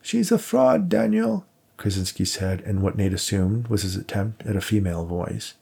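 A man voicing a male psychic who fakes a dead woman's voice in a theatrical falsetto. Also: animated, moderate pace, vocal fry, a little mellow, husky, exaggerated voice. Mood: eerie.

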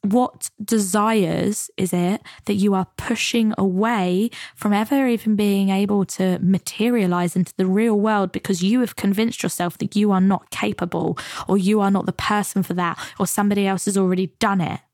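Woman from the UK, podcast host, chatty and earnest, motivational, slightly gravelly voice, dry close sound. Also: medium pitch, fairly even intonation, normal speed, a little mellow, no room sound. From United Kingdom. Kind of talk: reflective solo podcast talk.

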